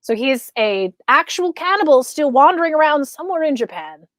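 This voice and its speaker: A woman's voice: high-pitched, very animated, fairly quick, a bit bright, dry recording. A young woman chatting casually as a podcast co-host, telling stories with lots of fillers and restarts. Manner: rambling storyteller with many fillers and restarts. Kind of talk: casual chat.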